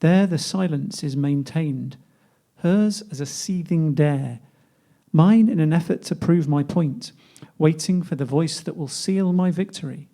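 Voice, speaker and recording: A man's voice: on the high side, unhurried, warm tone. A man reading a poem aloud in a wry, conversational way, voicing its dialogue. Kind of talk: poetry reading.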